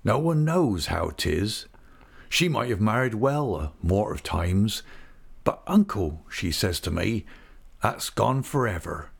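A weathered old fisherman, as a male reader puts him on. His voice sits low and gravelly with a husky edge, rising and falling a lot as he talks slowly and earnestly. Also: sing-song, heavily acted. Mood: wistful. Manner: slow, earnest, homely storytelling. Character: weathered older male fisherman, gentle and sorrowful. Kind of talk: audiobook character reading.

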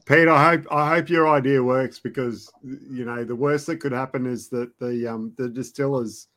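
A middle-aged man, hosting a relaxed chat over whisky. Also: medium pitch, normal speed. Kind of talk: casual chat over drinks.

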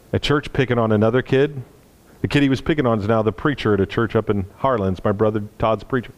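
During his sermon, a man tells an earnest personal story, going quiet and low whenever it turns tender.

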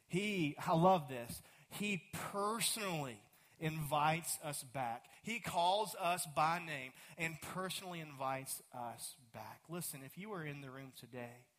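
Texan pastor preaching with dramatic swings. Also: male voice, a little high, expressive. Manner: dramatic swings from loud to hushed, slow drawn-out emphasis. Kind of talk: sermon.

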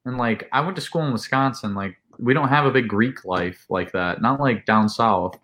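A man telling a long, animated party story in casual chat, with lots of "like" and acted-out quotes. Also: mid-range voice, moderate pace, reverberant. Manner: animated, full of "like", acts out quotes. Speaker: podcast guest.

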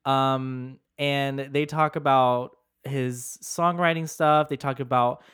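Male podcast co-host, casual chat; clear smooth mid-range voice, hesitant and halting. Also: mid-range voice, fairly even intonation, a bit bright. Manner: hesitant, many ums, stumbles on words.

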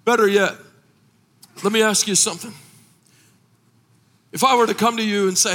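A middle-aged man preaching a sermon as pastor, impassioned, rising into shouted, sung cadences. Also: sits high, normal speed, long pauses.

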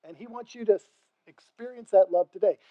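An older man preaching as pastor, impassioned, swinging between quiet talk and loud emphatic calls. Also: high voice, brisk, narrow, tinny audio. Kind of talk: sermon.

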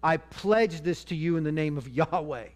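A man's voice: a little high, normal speed, lightly acted. A man voicing a desperate, frightened king who pleads anxiously. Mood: pleading.

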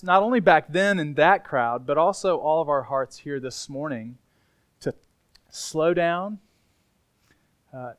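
A male pastor preaching to his congregation in a relaxed, emphatic, conversational way. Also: high-pitched, clean tone. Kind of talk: sermon. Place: church sanctuary.

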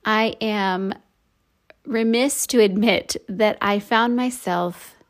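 A woman in her thirties, a podcast host, telling a candid personal story for a devotional show, reflective, with soft laughs. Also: medium pitch, slow pace.

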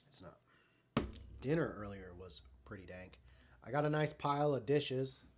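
A man hosting a live stream in casual chat, talking in a loose, rambling, profane way. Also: medium pitch.

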